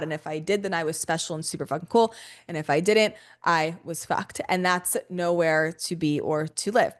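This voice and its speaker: A young adult woman hosting a podcast, talking in an animated, profane, casual monologue with quick bursts and playful asides. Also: lowish voice. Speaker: podcast host.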